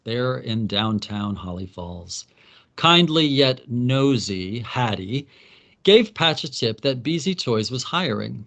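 A man giving a wry, comic recap of a story, with quick asides in the characters' voices. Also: mid-range voice, a bit bright.

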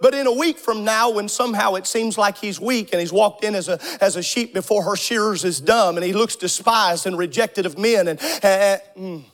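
A man preaching an impassioned sermon, swinging between sing-song shouting and hushed asides. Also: high-pitched, normal speed, hardly any pauses. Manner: shouting, sing-song preaching cadence with sudden drops to near whispers.

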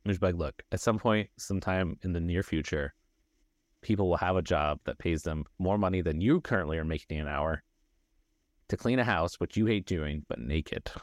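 A deep-voiced podcast co-host chats casually at normal speed, rambling and swearing freely. The recording is dry and clean, with studio sound.

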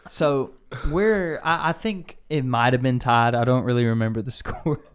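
A man's voice: mid-range voice, moderate pace, clear, resonant tone. Laughing young man telling a story. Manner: laughing storyteller, many fillers. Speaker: college baseball player telling a story. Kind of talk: casual chat.

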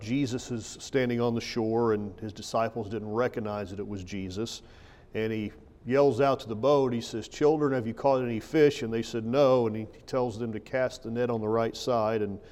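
A pastor giving a sermon, retelling a Bible story in plain, conversational words. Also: male voice, medium pitch, darkish tone. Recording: long hall reverb.

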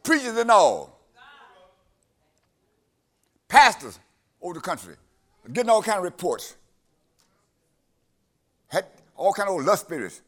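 A man's voice: sits high, very animated, takes it slowly, pauses often. A man preaching a sermon, emphatic and repeating his phrases, trading lines with a scripture reader.

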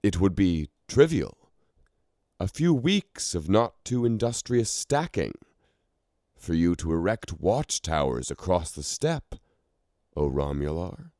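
A man's voice: low voice, big pitch swings, slow, mellow, no room sound, studio quality, pitched above the performer's own voice, heavily acted. A man voicing a scheming human scribe king who speaks formally and persuasively, in a storybook reading. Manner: formal, ceremonious speech.

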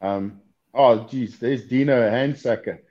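A man's voice: mid-range voice, slow, warm tone. A man chatting casually as a podcast guest over a video call, swearing and joking. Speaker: guest knifemaker. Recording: dull lo-fi call audio.

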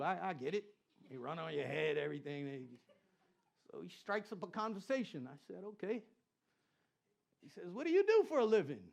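A middle-aged man preaching a sermon as pastor, animated, repeating phrases and joking with the congregation. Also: high voice, gravelly. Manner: animated preaching with repetition and crowd banter. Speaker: pastor and Christian rapper.

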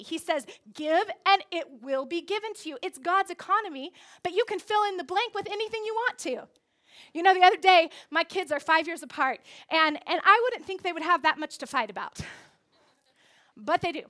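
Woman pastor, thirties, very high voice, emphatic sermon delivery in a church. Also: pushed and bright. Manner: emphatic preaching, repeating phrases for stress. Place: church sanctuary.

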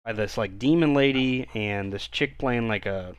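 A man co-hosting a casual anime podcast retells the plot in a relaxed, laid-back way, dropping fillers and some mild swearing as he goes. His mid-range voice is smooth and moderately paced, with no echo.

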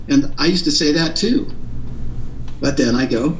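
A man's voice: fairly high pitch, moderate pace, long pauses, reverberant, far from the mic, a little hiss or hum, poor audio. A man being interviewed, explaining his ideas in an earnest, teaching tone with frequent restarts. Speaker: interview guest. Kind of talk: explanatory radio interview talk.

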